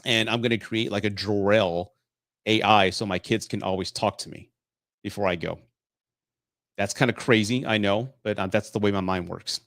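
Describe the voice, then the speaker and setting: A man's voice: lowish voice, steady tone, normal speed, fairly bright tone, dry recording, clean studio sound. A man in his late forties from Texas, hosting a casual live stream Q&A, swearing freely and laughing often. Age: 40s. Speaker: host.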